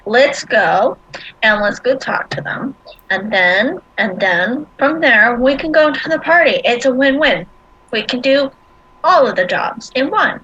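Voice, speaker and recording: A woman talks her party into a plan at a tabletop game. Her voice is high, bright and slow. It sounds dull and dry, with no room sound. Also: lively intonation, slightly rough, no room sound. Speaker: player. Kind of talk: casual game chat.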